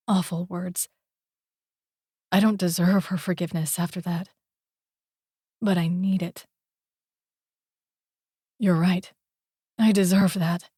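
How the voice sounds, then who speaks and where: A woman reads a first-person romance audiobook at a very unhurried pace, lingering over each phrase. Her voice sits in a mid range and the recording is close and completely dry. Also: fairly low pitch, dark tone, slightly rough, dry recording. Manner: slow, deliberate, intimate reading. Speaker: audiobook narrator.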